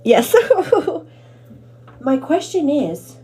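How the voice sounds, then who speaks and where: Chatty woman with a lively, high-ish voice. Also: drawn-out words, a little hiss or hum. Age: 30s. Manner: chatty, calls viewers "girl" and thanks them by name. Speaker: livestream host. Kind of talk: get-ready-with-me live stream chat. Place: at home getting ready.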